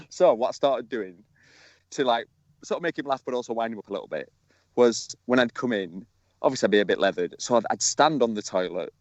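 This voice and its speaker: A man's voice: medium pitch, lively intonation, brisk, no room sound. A man co-hosting a podcast in casual chat, telling rambling, cheeky stories while calling in by phone from an outdoor field. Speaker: podcast co-host. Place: outdoors in a field, sitting on a tree stump. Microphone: mobile phone. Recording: dull lo-fi phone audio.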